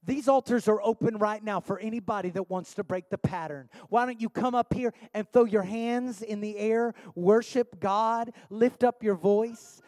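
A man's voice: sits high, moderate pace, few pauses, darkish tone, no room sound. A man pastor preaching a sermon with rhetorical questions, building to an impassioned altar call.

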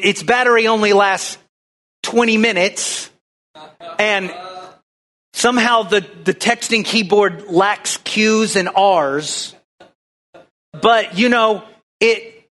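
A man's voice: sits high, a bit bright. A man preaching a folksy, conversational sermon, drawing the congregation into call-and-response. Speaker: pastor.

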